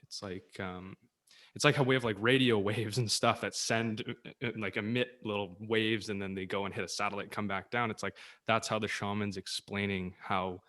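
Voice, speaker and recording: A man with a lowish voice chats earnestly, looping around his point with lots of "like"s and restarts. It sounds relaxed and unscripted, like a casual podcast conversation. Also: moderate pace. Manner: earnest and rambling, many "like"s.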